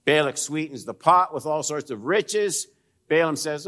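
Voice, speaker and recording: A man preaching a sermon, swinging between raised emphasis and hushed, low asides, and putting direct questions to his listeners. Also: expressive, unhurried. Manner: direct, probing questions to the congregation. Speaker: pastor.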